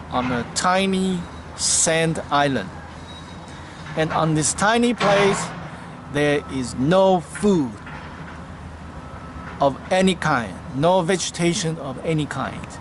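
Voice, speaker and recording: A man's voice: on the high side, slight background noise. A man giving an earnest spiritual talk and telling a parable, in simple phrasing with slips of grammar, recorded outdoors in a city. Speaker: Hare Krishna devotee.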